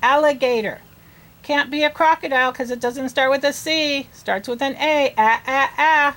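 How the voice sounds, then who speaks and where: A woman teaching children to read, sounding out letters and words slowly and asking them questions in an encouraging way. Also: high voice, fairly bright tone. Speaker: reading teacher. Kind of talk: early reading lesson.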